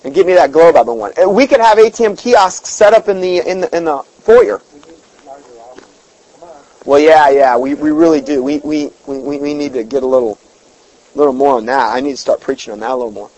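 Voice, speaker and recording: Emphatic high-voiced male preacher. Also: fairly even intonation, moderate pace, darkish tone, poor audio. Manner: folksy, emphatic, repeats words. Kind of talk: informal sermon recording.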